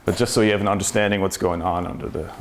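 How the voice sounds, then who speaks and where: Low-voiced man giving a technical talk. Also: fairly even intonation, rapid-fire, vocal fry, a little hiss or hum. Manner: explanatory, asks rhetorical questions. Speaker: conference speaker.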